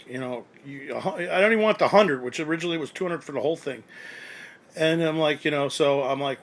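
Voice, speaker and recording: A man's voice: fairly high pitch, fast talker. A man ranting angrily and at length, profane and rambling, about someone who cheated him. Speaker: radio collector ranting to forum. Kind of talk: angry monologue.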